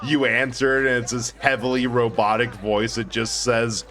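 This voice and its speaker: A man's voice: medium pitch, flat delivery, moderate pace, a bit bright, soft background music. A man chatting casually and joking to his viewers while he plays a video game on a live stream, laughing often. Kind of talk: casual live gameplay commentary.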